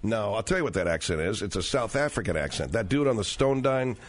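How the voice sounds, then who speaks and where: A man's voice: on the low side, lively intonation, fairly quick. A male radio talk show host reading and riffing on the news in a wry, sarcastic, slangy way.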